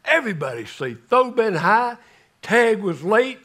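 An older man delivers a sermon in a fairly high voice. He tells his story with drama, rising into loud calls and dropping to a near hush for emphasis. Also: sing-song, a little slow. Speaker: guest preacher.

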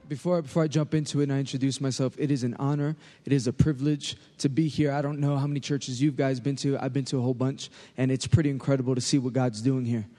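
A man with a New York accent preaching to a youth crowd as a youth pastor, lively and joking, calling out for the crowd to answer back. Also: medium pitch, fast talker, hardly any pauses. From United States. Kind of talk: energetic sermon to a youth crowd. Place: large church hall. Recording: live hall recording with long reverb.

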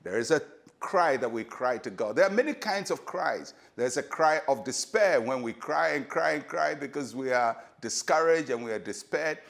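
A man with a Ghanaian English accent preaching a short devotional sermon as a pastor, earnest and measured, asking rhetorical questions. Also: medium pitch, lively intonation, creaky, a bit bright.

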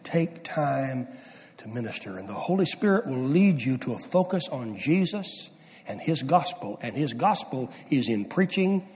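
A middle-aged man preaching a sermon, swinging from loud emphasis down to hushed near-whispers. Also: mid-range voice, sing-song, a little slow. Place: church sanctuary. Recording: distant mic with long hall reverb.

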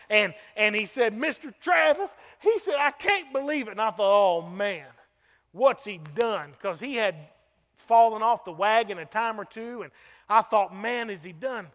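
High, bright preacher man. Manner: folksy, animated storytelling, voice rising to shouts at key moments. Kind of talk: sermon with storytelling. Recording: reverberant hall.

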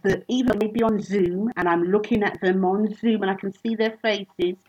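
A woman comedian chatting casually in a remote interview, telling animated, self-mocking stories. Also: mid-range voice, moderate pace, highs cut off. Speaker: comedian guest. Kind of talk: casual chat.

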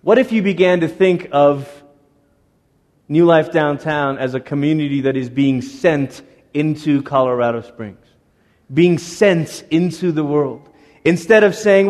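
A middle-aged man preaching a sermon as a pastor, lively and conversational, now and then acting out the voices of people in the story. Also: fairly high pitch, unhurried. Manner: animated, acts out voices of Moses and God. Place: church sanctuary. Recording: long reverb of a church hall.

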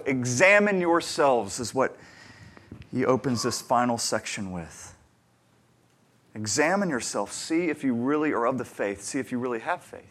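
A man's voice: medium pitch, animated, measured pace, long pauses. A man preaching a sermon, telling a personal story in a conversational, earnest way and pressing his listeners with emphatic questions. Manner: earnest, conversational, swings between quiet asides and emphatic questions. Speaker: pastor.

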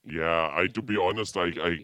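A man's voice: deep voice, normal speed, sharp tone, no echo. A man co-hosting a podcast in a casual chat, laid-back and goofy, stumbling over his words. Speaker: podcast co-host.

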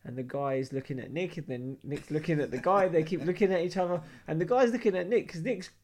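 Animated London man telling stories. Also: a little high, fast. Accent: London English. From London, England. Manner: animated storyteller, acts out quoted dialogue, laughs often. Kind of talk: casual storytelling chat.

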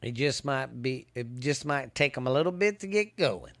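A podcast host with a lively, mid-range voice and no echo chats casually about the coming football season while outside on a hot day. His delivery is halting: he fumbles the stats, restarts, and hiccups along the way.

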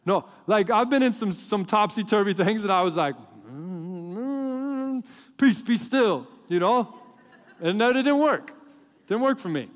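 High-voiced man preaching in an echoing hall. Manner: animated, joking storyteller. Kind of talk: sermon. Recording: long hall reverb.

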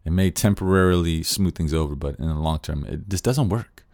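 A man's voice: low-pitched, a little fast, a little mellow, dry recording, studio quality. A man giving an earnest, casual spoken lesson on nonviolent communication, thinking aloud with frequent restarts.

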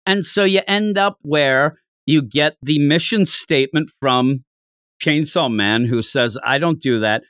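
Brief: male podcast host, higher voice, lively swings, dry close recording, casual recap chat. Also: dry recording. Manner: animated, recapping with quick asides. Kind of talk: casual manga review chat.

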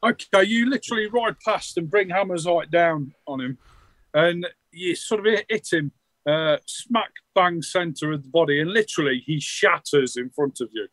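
A man's voice: a little high, moderate pace, fairly bright tone, dry recording, poor audio. A man narrating a tabletop game as game master, rambling loosely with many fillers.

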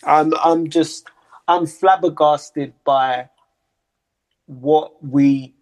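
An emphatic man with a fairly high voice chats casually on a podcast. He presses his points and asks searching questions. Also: fairly even intonation, very slow. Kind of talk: casual chat.

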